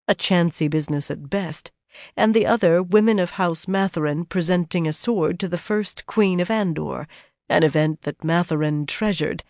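Fantasy audiobook narrator, steady and measured, mid-pitched, dry close recording. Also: dry recording. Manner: measured, even storytelling.

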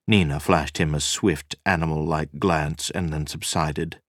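A man narrating a science fiction audiobook in a steady, even storytelling manner. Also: very deep voice, unhurried, hardly any pauses, no echo, studio quality. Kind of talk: scripted narration.

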